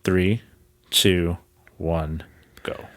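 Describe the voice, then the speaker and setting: A man's voice: low-pitched, fairly even intonation, very slow, no echo. A man co-hosting a casual podcast, talking in a blunt, dry, teasing way. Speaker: podcast co-host.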